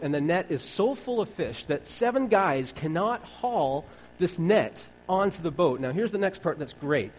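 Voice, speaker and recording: A man's voice: fairly high pitch, animated, unhurried, poor audio. A man preaching a sermon in a wry, conversational way, acting out bits of dialogue.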